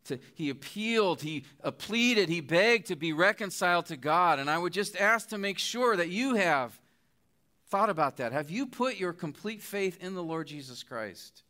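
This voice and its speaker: A middle-aged man preaching from the pulpit, his voice bright and forward and pitched a little high. He builds his points with earnest, pleading appeals. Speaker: guest preacher. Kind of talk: sermon.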